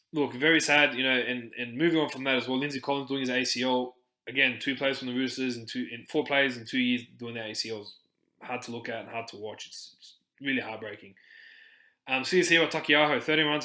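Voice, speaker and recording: A man's voice: medium pitch, sharp tone, roomy sound, poor audio. A man hosting a casual sports podcast, talking passionately with many restarts. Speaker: podcast host.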